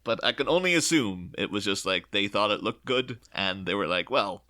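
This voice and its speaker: A man's voice: lowish voice, a little fast. A man hosting a casual film podcast, acting out lines as he talks. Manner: animated, acts out quotes. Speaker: podcast host.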